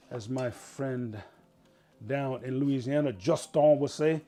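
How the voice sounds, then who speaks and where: A man's voice: mid-range voice, takes it slowly, warm tone, soft background music. A man hosting a casual home cooking show, chatting folksily as he explains each step in his kitchen.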